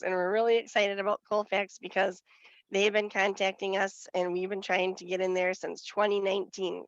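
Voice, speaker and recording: A woman's voice: medium pitch, vocal fry, a bit bright, no room sound. Congested woman with a Western Wisconsin accent. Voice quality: nasal. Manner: chatty, laughs lightly between points. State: congested with a cold. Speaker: nutrition educator. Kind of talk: meeting report. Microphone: video call. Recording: dull lo-fi video call audio.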